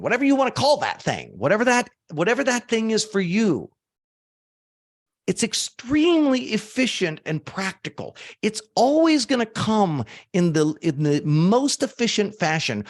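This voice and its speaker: Casting note: lively male seminar speaker, fairly high voice, swings his pitch a lot, casual and profane. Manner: animated, swears for emphasis. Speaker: motivational speaker. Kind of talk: live seminar teaching.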